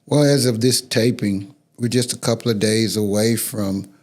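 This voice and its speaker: A man hosting an interview, asking questions in a measured, earnest way. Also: fairly low pitch, fairly even intonation, a little mellow. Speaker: podcast host.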